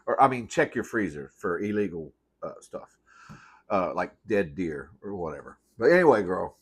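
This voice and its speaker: A man's voice: deep voice, very animated, moderate pace, slightly rough. Sassy, profane man telling stories. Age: 30s. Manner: sassy, profane, calls listeners "girl"; rambling, self-correcting. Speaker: host. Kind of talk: comedic storytelling while eating.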